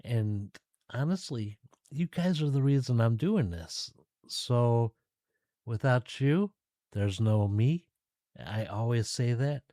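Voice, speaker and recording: A male podcast host talks alone to his audience in a casual, relaxed, chatty way. His voice is warm and dark, and his pace is unhurried. The recording is dry and close. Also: medium pitch, no room sound. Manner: relaxed, chatty, addresses listeners directly. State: tired, yawning. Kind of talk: casual solo podcast talk.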